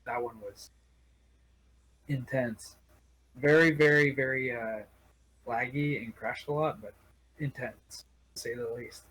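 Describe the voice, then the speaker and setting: A man's voice: medium pitch, fairly even intonation, takes it slowly, long pauses, fairly bright tone, slightly rough, low-quality recording. A man from Wisconsin, a guest on a stream, telling jokes and rambling stories. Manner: joking, rambling storyteller. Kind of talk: casual interview chat.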